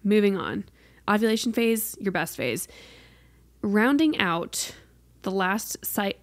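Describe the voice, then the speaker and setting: A young adult woman hosting a casual solo podcast, chatty and expressive, with jokey exasperated asides. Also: mid-range voice, no echo. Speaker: podcast host.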